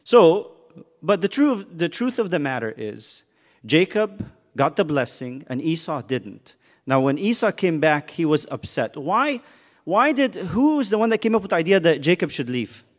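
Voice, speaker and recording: Brief: man, youth Bible teacher, lively swooping pitch, playful and quizzing, slightly high voice, church hall reverb. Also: moderate pace. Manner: animated, joking, quizzes the kids. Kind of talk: casual youth Bible lesson.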